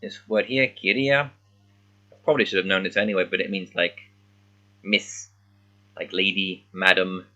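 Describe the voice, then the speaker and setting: A man reading along with a children's book as a language learner, thinking aloud and sounding out words haltingly in casual commentary. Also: low-pitched, fairly even intonation, sharp tone, highs cut off, faint music behind.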